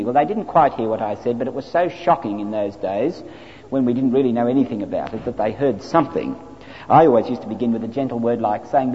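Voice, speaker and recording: A man from Australia, a clergyman, giving an animated, wry, anecdotal training talk to a group. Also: medium pitch, brisk. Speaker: clergyman teaching evangelism training. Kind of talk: lecture-style talk to a group. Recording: dull lo-fi recording in a reverberant hall.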